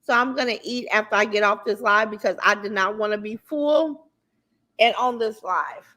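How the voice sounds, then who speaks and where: A woman hosting a casual livestream, greeting viewers by name and chatting in a lively, talkative way with features, swearing now and then. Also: mid-range voice, moderate pace. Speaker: livestream host.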